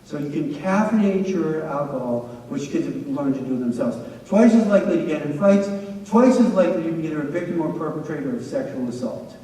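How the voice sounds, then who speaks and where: A man giving a lecture with anecdotes at a staff training, an energetic, animated storyteller who acts out quotes. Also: fairly high pitch, fairly quick. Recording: echoey hall, distant mic.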